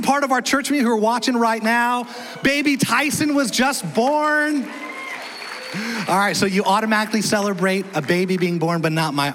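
An energetic male pastor preaches in a chatty way, throwing questions out to the congregation. His voice sits high for a man. The sound carries the long reverb of a church hall. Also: slight background noise. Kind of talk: sermon. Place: church auditorium.

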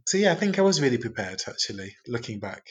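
A man's voice: medium pitch, sing-song, fast, breathy edge. A man, a single adoptive father chatting candidly in an interview with plenty of fillers. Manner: chatty, warm storytelling with many fillers.

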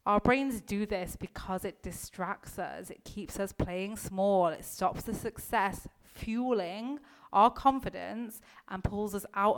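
Woman coach, casual motivational podcast voice, chatty and emphatic, mid pitch. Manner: chatty, heavy use of "like", occasional swearing; emphatic, coaching directly to the listener. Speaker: mindset coach.

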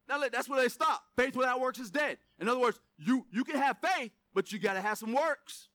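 A male pastor preaching a sermon, animated, with casual joking asides. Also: very high voice, a little fast, few pauses, no room sound.

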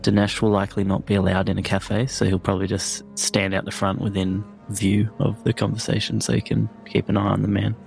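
A man's voice: fairly low pitch, completely flat delivery, a little fast, creaky, hardly any pauses, a little mellow, soft background music. A man playing a tabletop game, asking practical questions in a matter-of-fact way. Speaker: player. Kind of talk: tabletop role-play chat.

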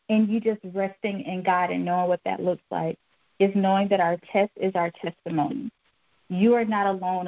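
A woman's voice: mid-range voice, no echo, dull audio. A middle-aged woman giving an earnest, encouraging devotional talk, repeating phrases for emphasis. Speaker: devotional speaker.

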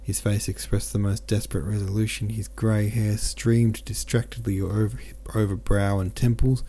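A man's voice: lowish voice, normal speed. A man narrating a classic novel as a podcast host, reading steadily and sometimes correcting slips. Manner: steady, with occasional self-corrections. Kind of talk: audiobook narration.

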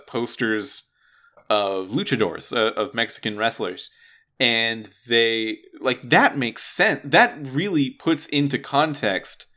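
A man's voice: medium pitch, pushed and bright. A man co-hosting a casual gaming podcast, rambling and restarting his words often. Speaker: podcast co-host.

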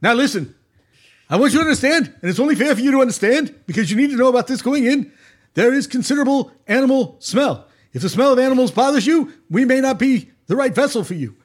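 A man voicing a boastful older male river barge captain who rambles through a salesman's pitch, as an impression of a well-known public figure. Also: animated, fast, breathy edge, full character voice. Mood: wheedling. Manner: rambling salesman patter, loud and emphatic.

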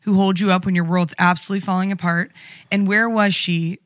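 A woman's voice: lowish voice, fairly even intonation, a little fast, no room sound. Brief: earnest female co-host, affirming, dry close mic. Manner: supportive, earnest, frequent affirmations. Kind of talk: casual podcast conversation.

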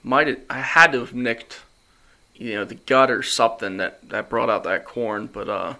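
Animated man telling a hunting story. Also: mid-range voice, moderate pace, creaky. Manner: animated storyteller, acts out quotes, laughs often. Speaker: podcast host. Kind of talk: casual hunting story chat. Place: studio.

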